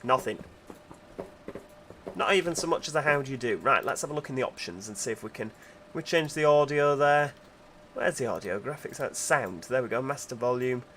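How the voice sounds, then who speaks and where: A man's voice: medium pitch, animated, fairly quick, a bit bright, a little hiss or hum. Chatty man streaming a game. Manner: chatty, reads out chat messages while driving. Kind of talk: casual livestream commentary.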